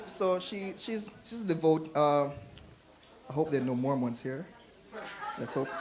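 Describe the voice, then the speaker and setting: A man's voice: a little high, animated, measured pace. Jamaican man doing stand-up. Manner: puts on voices for characters in his jokes. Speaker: stand-up comedian. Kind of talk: stand-up comedy set. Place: comedy club stage.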